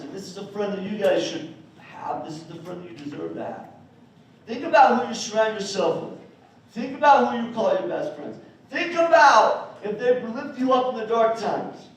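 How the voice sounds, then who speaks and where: A young man giving an energetic, storytelling motivational speech at a school assembly, talking straight to the kids. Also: high voice. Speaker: motivational speaker. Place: school gym or auditorium. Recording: echoey hall, mic from far off.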